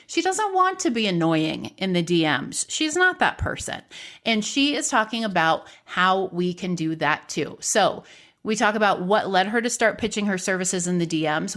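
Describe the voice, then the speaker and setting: A woman hosts a casual podcast interview in a chatty, animated way. She laughs easily and keeps the talk lively. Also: medium pitch. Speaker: podcast host.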